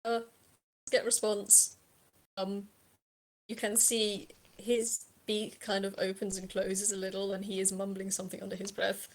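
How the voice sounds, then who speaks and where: Halting woman game master narrating. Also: medium pitch, completely flat delivery. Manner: halting, full of "um" and restarts. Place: home.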